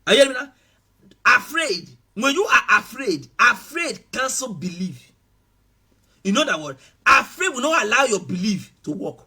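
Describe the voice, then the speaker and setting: A man preaches with a high, lively, animated voice that rises into shouts and drops into hushed asides. His tone is bright and forceful with a husky edge. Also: moderate pace. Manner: emphatic preaching, shifting between shouts and soft asides. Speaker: pastor. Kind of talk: sermon.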